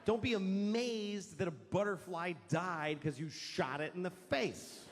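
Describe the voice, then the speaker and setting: Delivering a profane stand-up set at a measured pace, a high-voiced man imitates the people he quotes in his stories. The recording carries long hall reverb and a faint layer of noise.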